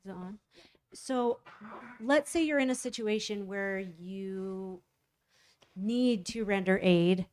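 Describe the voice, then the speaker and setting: A woman's voice: medium pitch, slow, long pauses. A woman attending a first aid workshop, asking the instructor earnest questions. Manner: earnest, animated when describing panic.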